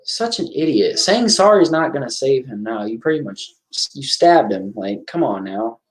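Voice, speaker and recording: A man's voice: mid-range voice, big pitch swings, moderate pace. A man giving casual watch-along commentary on a horror film, chatting and reacting aloud to the scenes.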